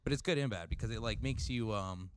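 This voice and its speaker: A man's voice: on the low side, fairly quick, clear, resonant tone, no room sound. A man hosting a podcast, chatting in a laid-back way and swearing casually. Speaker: podcast host. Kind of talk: casual chat.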